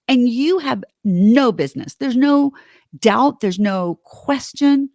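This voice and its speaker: Indignant woman with a lively, high voice. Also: moderate pace, no room sound, clean studio sound. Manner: heated, indignant storytelling with swearing. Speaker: podcast host. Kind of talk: casual podcast chat.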